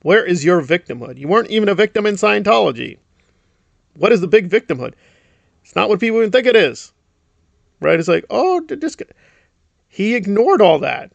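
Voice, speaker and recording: A man's voice: sits high, lively intonation, a little fast, creaky, long pauses, dry recording, highs cut off. A middle-aged man giving a sarcastic, indignant commentary, often mocking others with put-on voices. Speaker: commentary YouTuber. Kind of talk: ranting commentary.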